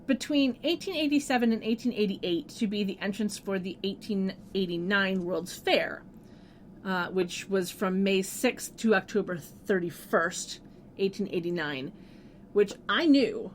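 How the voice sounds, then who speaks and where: A woman's voice: medium pitch, unhurried, a little hiss or hum. A woman co-hosting a podcast in casual chat, agreeable and chatty, dropping in researched facts. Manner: agreeable, chatty, fact-sharing. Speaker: podcast co-host.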